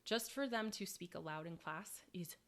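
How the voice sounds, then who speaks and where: A young woman who teaches high school English, telling stories in a casual podcast chat and laughing often as she talks. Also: normal speed, a bit bright. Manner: chatty storyteller, laughs often.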